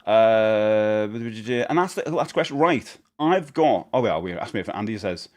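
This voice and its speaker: Middle-aged male streamer, rambling casual talk, animated pitch. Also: measured pace. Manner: rambling, chatty, often laughing. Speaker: live streamer. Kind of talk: casual live-stream chat.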